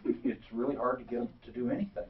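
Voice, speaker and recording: Fast-talking male contractor guest. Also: mid-range voice, steady tone, distant mic, narrow, tinny audio.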